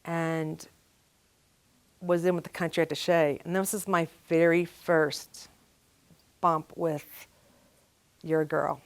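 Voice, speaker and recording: Older woman, lowish voice, chatty storyteller, oral history interview, acts out dialogue. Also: little pitch movement, takes it slowly, long pauses. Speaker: retired DEA pilot telling her career story.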